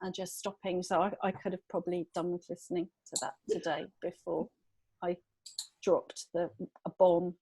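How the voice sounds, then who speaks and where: A woman in her thirties on a video call, talking casually in a group chat and telling a story in a lively, self-deprecating way. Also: lowish voice, normal speed, breathy edge, no echo, poor audio. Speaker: podcast regular in sobriety group.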